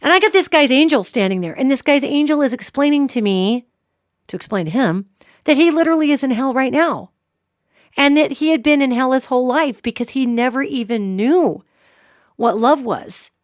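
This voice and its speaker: A woman hosts a psychic radio show, telling a long story straight to her listeners. Her voice sits fairly high and sounds close and dry. She talks with emphasis and keeps checking in with the audience as she goes. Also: expressive, normal speed, dry recording.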